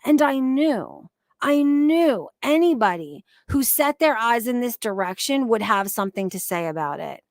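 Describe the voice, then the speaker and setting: A woman's voice: on the high side, sing-song, a little slow, dry recording, studio quality. A woman hosting a casual livestream, talking in an emphatic, profane, rambling way about online drama. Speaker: livestream commentary host.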